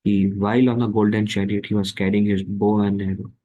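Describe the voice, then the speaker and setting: A man giving a devotional scripture class, speaking slowly and haltingly with many fillers. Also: lowish voice, level tone, narrow, tinny audio.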